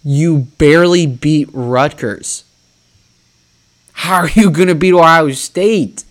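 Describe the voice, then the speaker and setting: A man's voice: on the high side, slow. A man hosting a solo sports talk show, riffing and mocking himself with lots of rhetorical questions. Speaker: sports podcast host.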